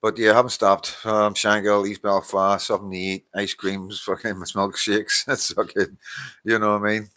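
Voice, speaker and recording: A man's voice: on the low side, level tone, moderate pace, sharp tone, no room sound. A tired Northern Irish man hosting a casual live stream, greeting viewers by name, laughing often and swearing freely. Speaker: livestream host reading viewer comments.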